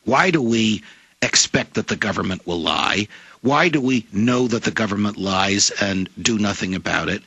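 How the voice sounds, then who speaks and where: A man's voice: on the low side, expressive, moderate pace, gravelly, sharp tone, slightly rough, no echo, poor audio. A middle-aged man, a former judge and author, arguing emphatically as a radio guest with an oratorical, lawyerly cadence. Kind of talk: impassioned talk radio argument.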